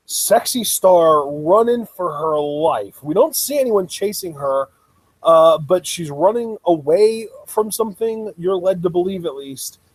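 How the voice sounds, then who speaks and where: A man co-hosting a casual wrestling review chat, relaxed and thoughtful with a few restarts. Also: high-pitched, no room sound, poor audio. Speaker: co-host reviewing wrestling episodes.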